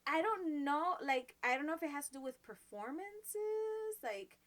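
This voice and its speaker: Woman, 30s, podcast co-host: high bright voice, animated, laughs a lot. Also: a little slow. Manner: laughs often, animated storytelling. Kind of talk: casual chat.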